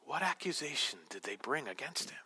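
A male pastor preaching a sermon to a congregation, swinging from loud, emphatic declarations to hushed whispers. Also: a little high, very animated, a little fast, breathy edge. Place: church hall with congregation.

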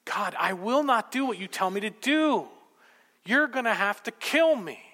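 A preacher putting on the voice of a whining, petulant prophet who sulks like a child. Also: male voice, extremely high pitch, slow pace, a bit bright, long reverb tail, voice pushed up, heavily acted. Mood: whiny. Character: whiny petulant prophet, grown man sulking.

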